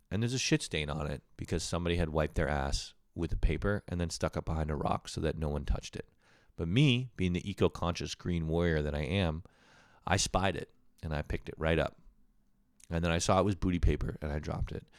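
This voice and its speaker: On his own show, the host rambles through a casual, comedic story, swearing and mocking himself despite a sore throat. He speaks low-pitched, captured in a dry, studio-quality recording.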